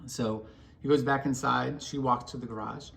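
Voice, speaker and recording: A man's voice: medium pitch, steady tone, normal speed, gravelly, fairly bright tone, slight background noise. A man sending a casual video message to a friend, telling jokes in a hesitant way with many ums and restarts.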